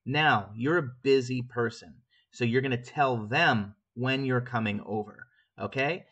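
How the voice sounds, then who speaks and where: A man's voice: mid-range voice, measured pace, fairly bright tone, breathy edge. A man giving a casual sales training talk, explaining phone scripts and acting out sample calls.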